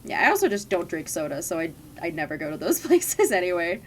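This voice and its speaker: A woman's voice: on the low side, very animated, brisk, a little hiss or hum. A young adult woman streamer chatting casually and rambling through stories from her past jobs while she plays. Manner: rambling, chatty storytelling with frequent laughs. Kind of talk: casual chat while gaming.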